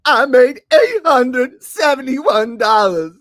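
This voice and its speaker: A man putting on a high, whiny voice to mock an upset young man, wailing and shouting. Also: big pitch swings, slow, dry recording, full character voice.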